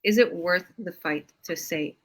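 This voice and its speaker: Woman business coach hosting a live stream, bright forceful voice, a bit low, gushing. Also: a little slow, low-quality recording. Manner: effusive, enthusiastic praise. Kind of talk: casual live-stream chat.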